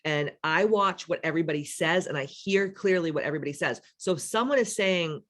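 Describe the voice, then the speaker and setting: A woman's voice: lowish voice, fairly quick, a bit bright. Blunt, profane woman coach. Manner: blunt, profane, rhetorical "right?" asides. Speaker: spiritual life coach. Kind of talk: casual teaching talk.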